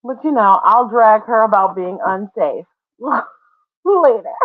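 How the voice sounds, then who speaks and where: Brief: playful woman hosting a live chat, middle pitch, laughing easily, thin phone-like audio. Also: lively intonation, takes it slowly. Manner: chatty, laughs often, playful asides. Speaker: livestream host. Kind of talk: casual live-stream chat. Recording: tinny phone-like sound.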